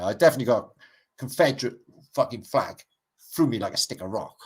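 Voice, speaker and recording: A man's voice: medium pitch, very animated, fairly quick, husky. A middle-aged man with a Welsh accent, hosting a livestream, rambling and swearing as he reads out and greets his chat. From Wales. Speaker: livestream host. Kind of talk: casual livestream chat reading out comments.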